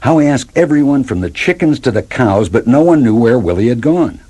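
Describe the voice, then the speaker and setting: A man reading a children's story aloud, with lively, expressive narration. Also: mid-range voice, fairly quick, husky.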